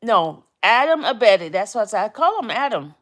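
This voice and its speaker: A woman's voice: mid-range voice, big pitch swings, normal speed, a bit bright. A woman hosting a casual live stream, chatting in a rambling way and often repeating phrases.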